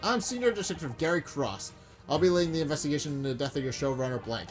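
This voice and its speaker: A man voicing a gruff, bossy male police detective in a game, curt and commanding. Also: on the high side, lively intonation, quick pace, faint music behind, lightly acted. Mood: stern.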